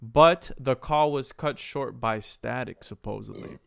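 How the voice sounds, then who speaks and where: Smooth-voiced man telling a haunting story. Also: medium pitch, measured pace, fairly bright tone, no echo, clean studio sound. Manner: loose, profane storytelling with restarts. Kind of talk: casual podcast chat, retelling a haunting story.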